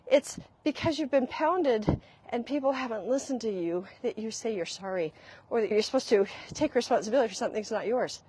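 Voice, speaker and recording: Woman coaching on relationships, breathy husky voice, a bit high, hammers points with repeats. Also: dry recording. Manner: emphatic, repeats key phrases, acts out quoted apologies. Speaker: relationship skills coach hosting a live talk. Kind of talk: casual live talk.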